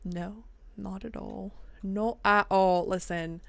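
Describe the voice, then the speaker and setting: A woman's voice: mid-range voice, steady tone, takes it slowly, gravelly, no echo. A woman streamer chatting casually about her role-play character, rambling and laughing often.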